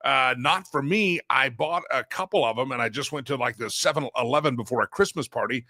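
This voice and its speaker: A man's voice: mid-range voice, brisk, pushed and bright, no echo. A man hosting a casual solo talk show from a studio, rambling and joking with frequent restarts and playful asides. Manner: rambling, self-interrupting, playful. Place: broadcast studio. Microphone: studio microphone.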